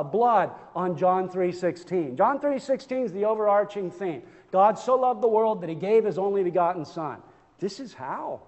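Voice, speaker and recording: Male pastor, high voice, fervent sermon delivery, reverberant sanctuary. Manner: impassioned preaching with rhetorical questions and repetition.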